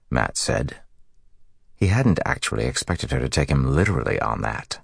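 Male audiobook narrator: very low, gravelly, dry, measured read. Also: big pitch swings, no room sound. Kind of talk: scripted narration.

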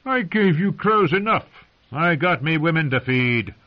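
Gruff wildling brute, raised and strained, growling and roaring, read by a male narrator; dull lo-fi audio. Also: fairly high pitch, lively intonation, unhurried, pitched above the performer's own voice. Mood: defensive. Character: fierce wildling host man, gruff and violent.

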